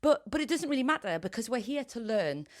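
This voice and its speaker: A woman's voice: on the high side, sing-song, fast. A young woman with a Geordie accent co-hosting a podcast, chatty and self-mocking, often laughing. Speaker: podcast co-host. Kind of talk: casual chat.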